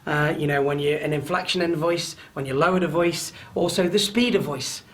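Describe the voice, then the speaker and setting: Male trainer, loud and chatty, high-ish voice, webinar over a computer mic. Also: brisk. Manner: loud, chatty, frequent tag questions. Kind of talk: live online training talk.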